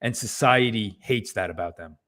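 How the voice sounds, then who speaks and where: A man co-hosting a podcast talks in an earnest, emphatic way. His voice sits a little low, and he keeps tossing in "right?" to check that the listener is with him. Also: normal speed, a bit bright. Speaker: podcast co-host. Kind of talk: casual podcast chat.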